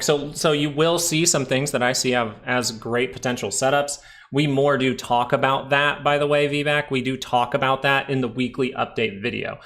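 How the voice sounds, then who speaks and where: Male live-stream market host, gravelly, mid-pitched, relaxed chatty explainer who answers chat. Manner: chatty, explains while reading viewer chat; frequent tag questions like "right?". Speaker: stock market livestream host. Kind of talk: casual live chart analysis.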